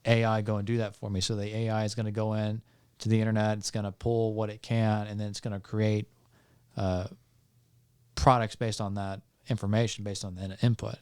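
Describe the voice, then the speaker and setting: A man, a podcast guest, calmly explaining legal points step by step with frequent fillers and restarts. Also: on the low side, brisk, clear, resonant tone. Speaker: podcast guest on music law. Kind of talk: explanatory casual talk.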